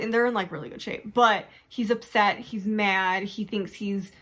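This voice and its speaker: A young adult woman with a mid-range voice and moderate pace gives a chatty, animated book review. Her casual talk is full of laughter and acted-out reactions of her own.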